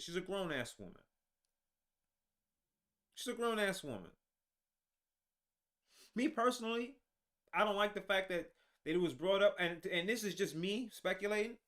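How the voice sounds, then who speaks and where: High bright-voiced man ranting. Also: very animated, moderate pace, long pauses. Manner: heated, profane, repetitive restarts. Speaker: show host. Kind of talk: ranting political commentary.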